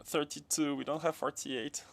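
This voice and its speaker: A slightly high, creaky male voice speaks at normal speed in a level tone. The man is a Russian game streamer whose Russian accent shows some French, chatting casually to himself and his viewers as he builds.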